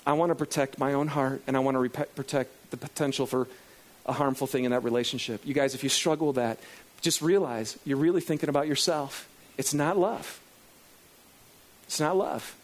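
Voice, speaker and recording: High-voiced animated male preacher. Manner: animated, acts out inner dialogue. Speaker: pastor. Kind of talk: sermon. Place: in front of a congregation.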